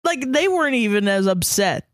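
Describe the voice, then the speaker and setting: A woman's voice: medium pitch, very animated, normal speed, dry recording. A woman co-hosting a podcast in casual chat, dry and sardonic, swearing casually. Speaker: podcast co-host.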